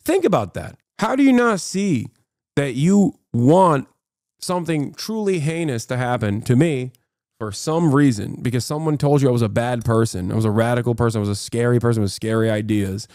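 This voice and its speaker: An American man on a live stream, talking back to chat in a combative, swearing, mocking rant. His voice sits at an ordinary middle pitch and comes through a desk mic with no room echo, dry and close. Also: lively intonation, moderate pace, darkish tone. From United States.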